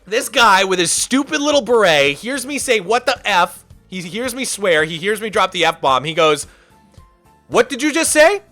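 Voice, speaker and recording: A male streamer telling a story in casual chat, animated and sarcastic, sometimes breaking into a shout. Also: high-pitched, normal speed, few pauses, soft background music.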